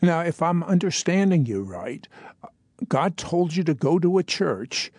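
A man's voice: on the high side, big pitch swings, unhurried, darkish tone, slightly rough, no echo, studio quality. A man hosting an interview, asking probing and lightly amused follow-up questions of his guest. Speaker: show host interviewing a guest.

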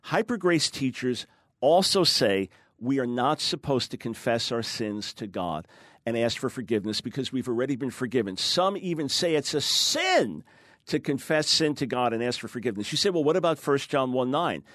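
A man's voice: mid-range voice, expressive, a bit bright, no echo, studio quality. Emphatic man explaining scripture. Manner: emphatic, fast explaining, acts out quoted voices. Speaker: guest author. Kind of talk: teaching in a TV interview.

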